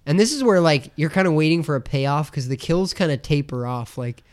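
Smooth-voiced young man, rambling. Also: on the high side, animated, brisk. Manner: rambling, acts out characters' lines in silly voices, swears freely. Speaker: podcast co-host. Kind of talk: casual chat.

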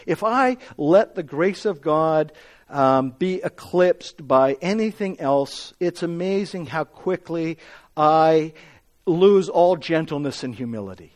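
Earnest high-voiced male preacher. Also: animated, takes it slowly, a little mellow. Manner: earnest and emphatic, piles up repeated phrases. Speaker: pastor. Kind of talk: sermon.

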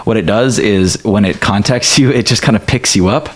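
A man with a very low voice narrates a tabletop game as its game master. He meanders through his descriptions, leaning on fillers and little restarts. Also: moderate pace. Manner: rambling, many ums and likes.

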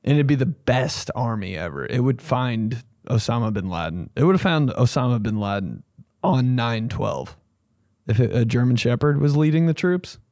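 A comedian host riffing in a loose, profane, rambling way, with sudden loud bursts. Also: male voice, mid-range voice, expressive, normal speed, dry recording, studio quality. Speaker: comedian host reacting to listener stories.

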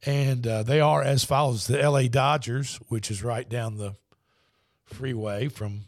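A man's voice: mid-range voice, fairly even intonation, unhurried, dry recording, studio quality. A man hosting a sports radio show, telling stories in a rambling, easygoing way. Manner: rambling storyteller with restarts. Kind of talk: casual sports talk.

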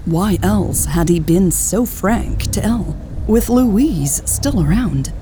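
A woman narrating an audiobook and hosting its podcast in a measured, even storytelling voice. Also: medium pitch, noisy background. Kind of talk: scripted narration.

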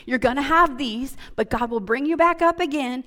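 A woman pastor preaching a sermon, animated, moving between quiet and loud passages. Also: high voice, normal speed, big-room sound. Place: church sanctuary.

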